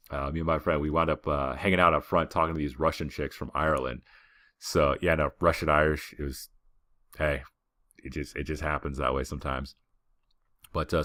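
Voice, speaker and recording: A young man with a strikingly deep, low voice tells a travel story in a loose, laid-back way, full of fillers and restarts. The sound is close and dry, with no room behind him. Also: a bit bright, no echo. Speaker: podcast host.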